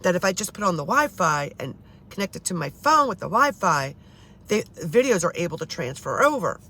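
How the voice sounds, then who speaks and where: A woman's voice: low voice, big pitch swings, brisk, fairly bright tone. Rambling, exasperated woman in her fifties. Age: 50s. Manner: frustrated, swearing, rambling with restarts. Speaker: paranormal vlogger. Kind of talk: casual rambling monologue to camera.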